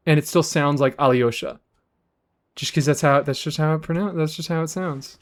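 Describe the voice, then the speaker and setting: A man's voice: on the high side, normal speed. Brief: male streamer with a slightly raised voice, casual chat, curses a lot. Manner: animated, rambling, swears freely, reads chat aloud. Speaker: game streamer.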